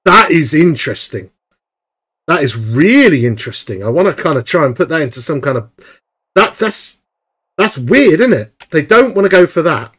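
A young man giving excitable, chatty live commentary while streaming a video game. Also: on the high side, normal speed, breathy edge.

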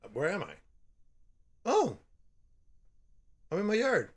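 Guy doing horror game commentary, bouncy voice, yells when something jumps out. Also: high-pitched, takes it slowly, breathy edge. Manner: excitable, yelps and shouts when startled. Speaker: gaming channel host.

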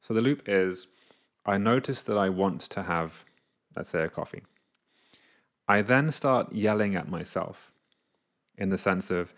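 A man's voice: sits low, unhurried, long pauses, fairly bright tone. A man talking casually to camera as a coach, explaining an idea through his own examples and acting out his inner voices. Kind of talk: casual reflective monologue to camera.

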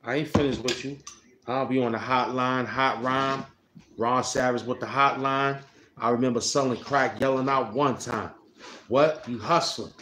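A man's voice: mid-range voice, steady tone, unhurried, sharp tone. Boastful man rapping on a live stream. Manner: boastful, rambling, slips into rhyming chants. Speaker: livestream host. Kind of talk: casual livestream banter and freestyle rap. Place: outdoors. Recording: echoey with faint outdoor noise.

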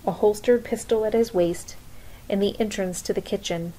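A woman reading a novel aloud in a calm, measured storytelling voice. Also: mid-range voice, low-quality recording. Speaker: reader. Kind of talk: audiobook narration.

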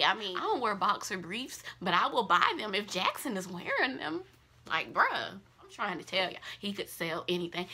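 A woman's voice: medium pitch, bright, forceful tone. A young woman hosting a casual fan news vlog, gushing and effusive with slangy asides.

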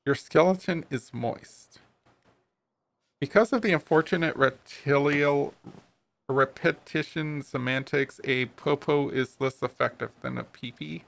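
A man voicing a talking toy tuna in a video game, reciting odd fun facts in a flat, matter-of-fact way. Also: a little high, unhurried, vocal fry. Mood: deadpan. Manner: cheerful deadpan fact recital.

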